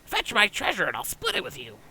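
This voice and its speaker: A man voicing a greedy, scheming male goblin smuggler boss over game audio, with a raspy, nasal, theatrical delivery. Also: high-pitched, wildly swooping pitch, fairly quick, bright, forceful tone, slight background noise, voice pushed up, exaggerated voice, low-quality recording.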